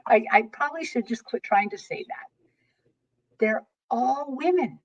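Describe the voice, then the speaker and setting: A woman with a fairly high voice tells long stories in an animated, rambling way, often breaking off and starting over. She is a guest on an interview show. The recording is dull and lo-fi. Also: measured pace. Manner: animated, rambling storyteller with frequent restarts. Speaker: guest, tarot reader. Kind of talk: storytelling interview chat.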